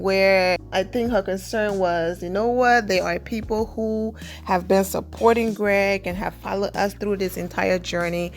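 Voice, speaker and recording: A woman giving casual celebrity news commentary in a chatty style, often saying "you know". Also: on the low side.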